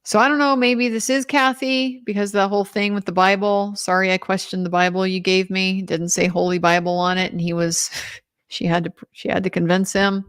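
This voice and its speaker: A woman's voice: medium pitch, flat delivery, moderate pace, clear, resonant tone. A woman as a legal commentator, giving a casual trial recap in a conversational way with lots of filler words.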